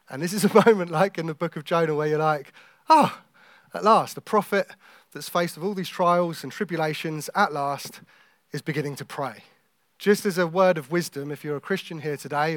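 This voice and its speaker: Joking preacher, close dry sound. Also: male voice, a little high, dry recording. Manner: conversational and joking, with quiet intense stretches. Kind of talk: sermon.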